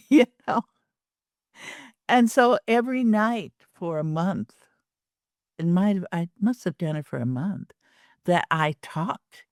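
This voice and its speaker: Slow-speaking animated older woman. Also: fairly low pitch, no echo, studio quality. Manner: animated, laughing often, acts out quoted dialogue. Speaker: guest. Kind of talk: storytelling in a podcast interview.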